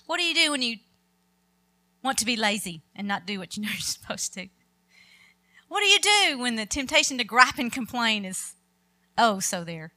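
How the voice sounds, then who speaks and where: Bright, emphatic woman preaching. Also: fairly high pitch. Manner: emphatic, quoting scripture with rising force. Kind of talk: sermon.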